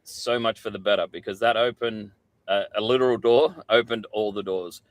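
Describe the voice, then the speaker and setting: A man's voice: fairly low pitch, steady tone, moderate pace, dry recording. A middle-aged Australian man, a podcast guest, telling candid stories in casual chat and swearing freely.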